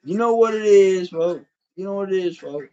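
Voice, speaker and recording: A man's voice: sits high, normal speed, mellow, smooth, muffled recording. A man from Illinois on a livestream, arguing with his chat in a profane, confrontational, trash-talking way. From Champaign, Illinois, USA. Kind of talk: heated livestream argument.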